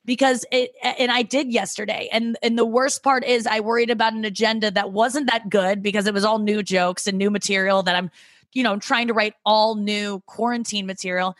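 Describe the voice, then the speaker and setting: A woman's voice: medium pitch, steady tone, brisk, dry recording, studio quality. A woman comedian talking as a podcast guest, rambling and self-critical with lots of restarts. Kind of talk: casual podcast chat.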